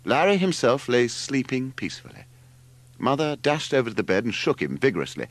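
A man narrating an audiobook in an expressive storytelling manner. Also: medium pitch, a little fast. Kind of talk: scripted narration.

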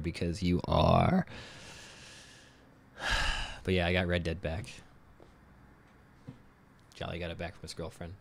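A man's voice: sits low, moderate pace, long pauses. A man streaming a game from home, chatting casually, joking, swearing and laughing often. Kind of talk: casual live gaming stream chat. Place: home room.

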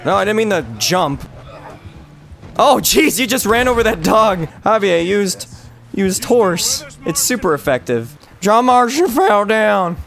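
A young man plays through a cowboy game with a friend, his voice high and lively. He jokes, laughs often and reads the game's prompts out loud in loose let's-play chatter. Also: measured pace, gravelly. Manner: playful, giggly, lively, reads prompts aloud. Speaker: gameplay streamer. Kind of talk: casual let's-play commentary.

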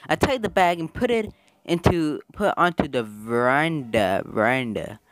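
Young male gamer reading a story game aloud, excitable, big pitch swings, dry close sound. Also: measured pace, no echo. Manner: excitable, animated, swings between mumbling and loud outbursts. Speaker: let's-play gamer.

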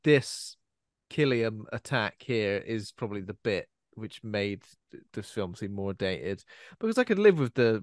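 A man's voice: on the low side, dry recording, studio quality. A man co-hosting a podcast, talking casually and playfully about a film, often riffing. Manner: playful, riffs with silly put-on quotes. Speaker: podcast co-host. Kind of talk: casual film review chat.

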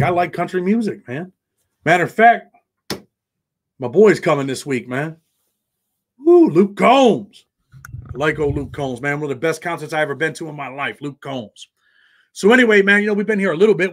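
An American man hosting a livestream, chatting loosely with viewers in slang and answering their comments. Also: on the high side. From United States. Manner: loose, slangy, talks straight to chat. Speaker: livestream host. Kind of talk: casual livestream chat reading viewer comments.

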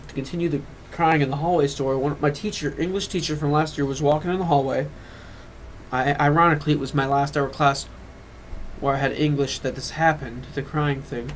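A teenage boy speaks to camera in an emotional, confessional vlog. His voice sits a bit high, and his sentences keep stopping and restarting as he rambles. A faint background hiss runs under the recording. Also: fairly even intonation, a little fast, poor audio. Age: teens. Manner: rambling and earnest, with frequent restarts and trailing off; emotional, fighting back tears at times. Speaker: vlogger.

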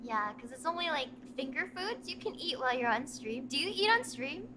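High, lively, bright-voiced woman streamer. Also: brisk, heavy background noise. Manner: giggly, chatty, often laughing mid-sentence. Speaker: streamer host. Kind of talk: casual chat.

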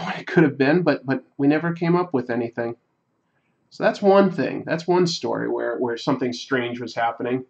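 A man hosting a livestream, telling a story in a rambling, reflective, halting way. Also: a little high, dull audio. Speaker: livestream host. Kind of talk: casual storytelling while drawing on a livestream.

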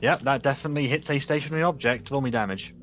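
A man's voice: medium pitch, racing, fairly bright tone, muffled recording, slight background noise. A man narrating a tabletop game as game master, casual and stumbling over restarts as he describes the scene.

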